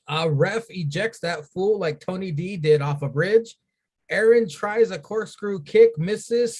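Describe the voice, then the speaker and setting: A man with a slightly raised pitch hosts a casual chat show. He reads recap lines and tosses in wisecracks as he goes. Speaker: podcast host.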